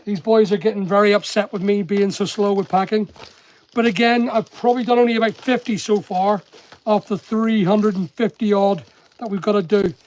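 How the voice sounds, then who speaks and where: Chatty high-voiced man with Northern Irish lilt. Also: steady tone, normal speed, a little mellow. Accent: Northern Irish-English mix. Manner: chatty, teasing, talks to viewers while working. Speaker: online seller and channel host. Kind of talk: casual live-stream chat while packing. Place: packing workspace with staff nearby.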